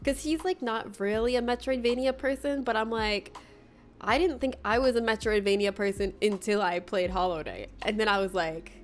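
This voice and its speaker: A woman's voice: mid-range voice, moderate pace, faint music behind. A young woman streamer chatting casually with her viewers, bubbly and laughing often as she greets them by name. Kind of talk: casual livestream chat with viewers.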